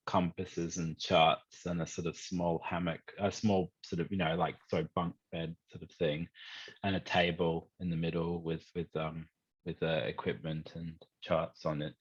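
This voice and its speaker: A man runs a tabletop game, describing scenes in a low, husky voice. He halts and restarts often. The recording is dull and lo-fi. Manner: halting, many fillers and restarts. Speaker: game master. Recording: dull lo-fi sound.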